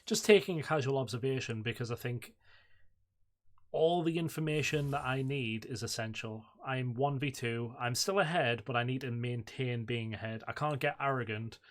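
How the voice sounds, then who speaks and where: A young man in relaxed, casual commentary over his own gameplay, thinking aloud with plenty of "uh" and "like". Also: mid-range voice, normal speed. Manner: relaxed, reflective, says "uh" and "like" often. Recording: loud game music behind voice. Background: loud game music and game announcer.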